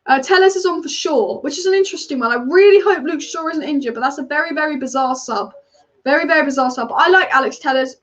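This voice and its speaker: A woman's voice: high-pitched, highs cut off. A woman hosting a live football watch-along stream, chatty and opinionated, reacting to the match and reading viewer comments. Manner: chatty, opinionated, rapid-fire. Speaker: football fan channel host.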